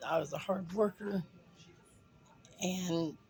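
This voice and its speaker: A woman's voice: lowish voice, takes it slowly, darkish tone, low-quality recording. A woman in her fifties telling a funny personal story in a chatty way, with fillers and acted-out quotes. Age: 50s. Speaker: vlogger.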